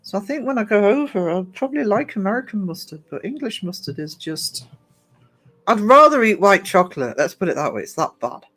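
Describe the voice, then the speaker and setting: High-voiced man chatting on a live stream. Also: big pitch swings, a little fast, sharp tone. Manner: chatty, greets viewers by name, teasing, laughs often. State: low on energy. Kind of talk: casual live-stream chat reading out viewer comments. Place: gym.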